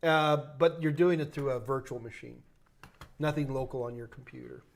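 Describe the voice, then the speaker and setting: A man's voice: medium pitch, normal speed, gravelly. A man with a New York accent hosting a live tech Q&A stream, talking loosely, joking and thinking aloud with restarts. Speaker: host answering tech questions.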